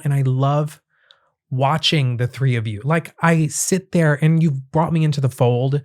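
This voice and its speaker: A man's voice: on the high side, measured pace, darkish tone. A man in his forties hosting a podcast, asking his husband heartfelt questions in an earnest, openly emotional way.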